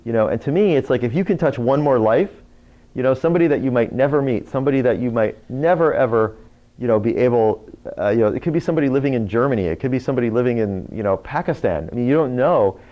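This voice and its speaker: A man's voice: mid-range voice, quick pace. A man who hosts an internet radio show, giving a live talk to a speakers' group and telling stories full of "you know" and "right?". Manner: animated storyteller, lots of "you know" and "right?". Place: meeting room. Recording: dull lo-fi recording.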